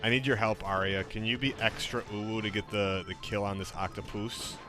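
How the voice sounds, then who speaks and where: A man with a lowish voice streams a game and talks casually, coaxing his AI sidekick along. Soft music plays beneath him. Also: steady tone, brisk.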